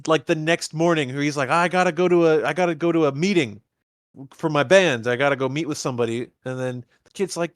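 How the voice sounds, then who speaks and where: In his casual movie-rewatch podcast, a man narrates the film and voices its characters, stammering and restarting often. His voice is on the high side and a bit bright, and he speaks a little fast. The studio-quality recording has no room sound.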